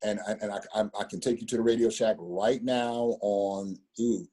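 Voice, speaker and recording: Middle-aged storyteller, fifties, husky and dark-toned, loose rambling delivery full of slang and restarts. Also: male voice, on the low side, fairly even intonation, normal speed. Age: 50s. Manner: rambling, repeats words, street slang. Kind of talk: casual storytelling conversation.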